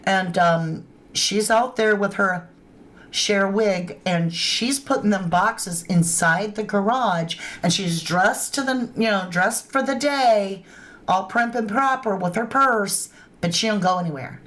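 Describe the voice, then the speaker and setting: A woman's voice: medium pitch, takes it slowly, fairly bright tone. Lady chatting away on her live show, casual and loose, talking right to her viewers. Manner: informal grammar. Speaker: true crime channel host. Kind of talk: casual livestream commentary.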